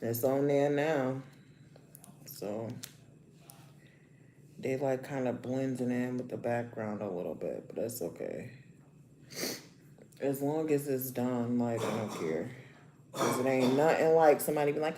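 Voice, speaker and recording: A woman hosting a casual livestream, chatting in slang and often breaking into loud laughter. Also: rumbling low, expressive, slow pace, pauses often, roomy sound. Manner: gossipy, bursts into loud laughter; chatty, slangy, talks while doing her nails. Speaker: livestream host.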